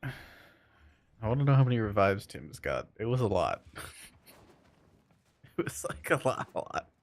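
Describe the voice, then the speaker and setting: A man's voice: lowish voice, sing-song, a little slow. A man streaming a game, chatting casually with viewers in a laid-back, joking way and chuckling often. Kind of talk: casual chat while playing and reading chat.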